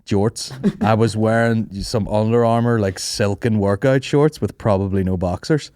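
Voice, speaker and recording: A young man with a fairly low voice rambles through comic stories, swearing freely and laughing often. He talks casually as a podcast host. The recording is close and dry, with no room sound. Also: fairly even intonation, moderate pace, warm tone, smooth, no room sound. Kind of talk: casual comedic storytelling.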